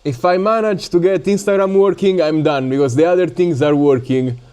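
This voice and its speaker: A man from Italy with an Italian accent, chatting casually and haltingly on a live stream while building drones, with many fillers and stops. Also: fairly high pitch, a little mellow, smooth. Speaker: drone hobby livestreamer.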